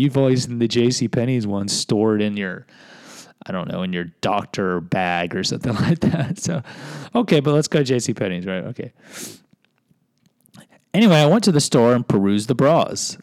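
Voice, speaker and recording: A man's voice: medium pitch, lively intonation, normal speed, darkish tone, no room sound. A man telling personal stories in a casual monologue, candid and self-deprecating, often restarting and adding asides.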